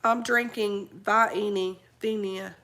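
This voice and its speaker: A woman's voice: mid-range voice, fairly even intonation, slow, sharp tone. A woman, sick with covid, chatting casually from home and breaking off to talk to her dog. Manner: chatty, rambling, talks to her dog between thoughts. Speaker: vlogger. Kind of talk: casual morning live chat.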